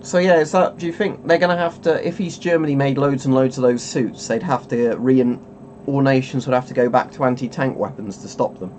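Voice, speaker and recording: A man's voice: mid-range voice, fairly quick, darkish tone, slight background noise. Rambling man chatting on stream. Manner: rambling, chuckling, self-interrupting. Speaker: streamer host. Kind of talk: casual webcam stream chat.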